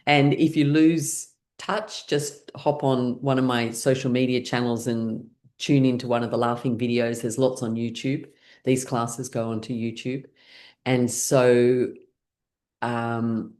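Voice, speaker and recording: Woman, laughter class instructor, low voice, upbeat and encouraging, laughs between instructions. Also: a little mellow. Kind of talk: guided laughter exercise class.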